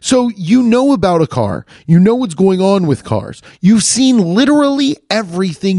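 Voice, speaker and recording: A man's voice: high-pitched, sing-song, moderate pace, hardly any pauses, warm tone, no room sound. A man ranting in a casual monologue into a close podcast mic, profane and exasperated, with lots of restarts.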